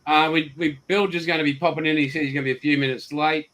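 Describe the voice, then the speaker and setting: A man's voice: on the high side, fairly even intonation, quick pace, rough recording. A man hosting a casual group video chat, joking and teasing the others. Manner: joking, swearing, bursts into loud shouts. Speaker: co-host of a modelling video chat.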